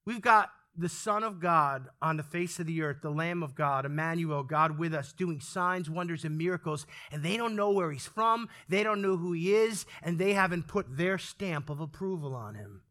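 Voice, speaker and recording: Animated preacher, high bright man's voice. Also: normal speed, few pauses. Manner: animated, calls for amens, acts out quoted lines. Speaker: pastor. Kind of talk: sermon. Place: church sanctuary with congregation.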